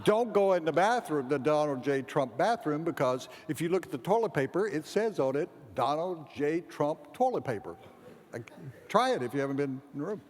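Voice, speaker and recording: High-pitched man telling comic stories. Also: sing-song, moderate pace, a little mellow. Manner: rambling comic storyteller, acts out dialogue. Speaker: keynote speaker. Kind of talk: humorous storytelling speech. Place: large event hall. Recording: long hall reverb, faint background ambience.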